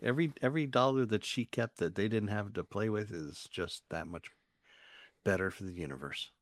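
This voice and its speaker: A man's voice: fairly low pitch, brisk, dry recording, clean studio sound. A man in his sixties teasing wryly in casual banter as a co-host. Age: 60s. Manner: wry, teasing.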